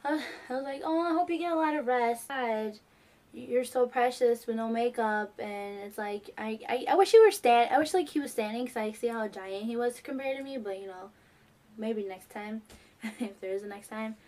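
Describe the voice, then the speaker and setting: Teen girl vlogger, high-ish voice, gushing and rambling, casual story. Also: normal speed, darkish tone. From New York. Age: teens. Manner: gushing, rambling, many fillers. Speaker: fan vlogger.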